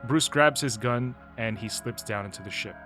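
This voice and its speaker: A man's voice: on the low side, normal speed, sharp tone, soft background music. A man narrating a casual, opinionated video game story recap and laughing often. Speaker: gaming video host.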